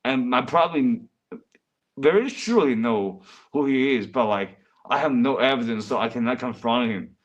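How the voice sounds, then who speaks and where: A man's voice: medium pitch, expressive, normal speed. A man livestreaming in casual, rambling chat, often calling his viewers bro.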